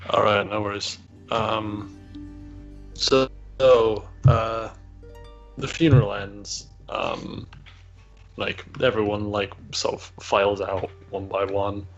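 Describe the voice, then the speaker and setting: A man's voice: lowish voice, flat delivery, slow, long pauses, muffled recording, faint music behind. A man narrating as game master of a tabletop role-play, hesitant and full of fillers. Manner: hesitant, many fillers and restarts.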